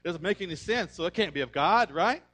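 A male pastor preaching a sermon, emphatic and energetic, calling on the congregation to respond. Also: high voice, quick pace. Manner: conversational storytelling.

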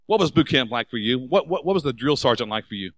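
Male pastor preaching, animated, lots of questions to the crowd, dry sound. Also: medium pitch, quick pace, no room sound, rough recording. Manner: animated, rhetorical questions to the congregation; acts out quoted voices. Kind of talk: sermon.

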